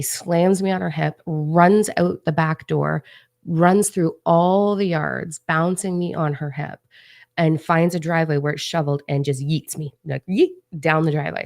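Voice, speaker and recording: A woman telling a personal story in a casual, animated way, with lots of filler words. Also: sits low, gravelly, no room sound, studio quality. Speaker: spiritual channel host.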